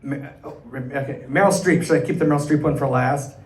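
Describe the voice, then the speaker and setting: A middle-aged man, a cabaret performer, telling an animated anecdote to a live audience and acting out the people in it. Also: medium pitch, a little fast, recorded from a distance. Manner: animated, chatty, acts out the people in his stories. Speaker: cabaret singer and storyteller. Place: small arts venue stage, live audience. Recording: roomy live stage sound, faint room noise.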